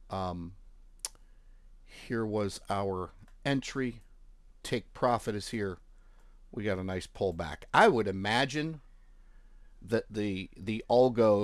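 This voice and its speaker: A man's voice: lowish voice, no room sound. A man hosting a trading channel, casually walking viewers through charts and accounts with offhand jokes. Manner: offhand, joking, talks while clicking through charts. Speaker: forex trading channel host. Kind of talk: casual screen-share walkthrough.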